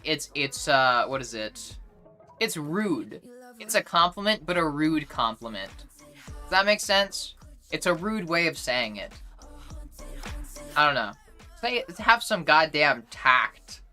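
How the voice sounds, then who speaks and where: A woman's voice: deep voice, pushed and bright. A young woman streamer chatting casually with her chat, rambling and blunt, swearing often and full of fillers and restarts.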